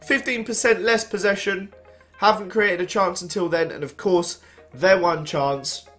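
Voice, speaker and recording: Soft music plays behind a young gaming YouTuber as he commentates on a football management game he's playing. His high voice is a little slow with a fairly bright tone, and he chats casually and reacts to match events while sounding tired and yawning.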